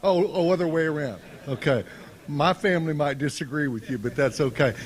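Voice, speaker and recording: A man's voice: a little high, brisk. A man serving as chaplain, joking briefly before leading a plain-spoken prayer. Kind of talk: light banter then spoken prayer.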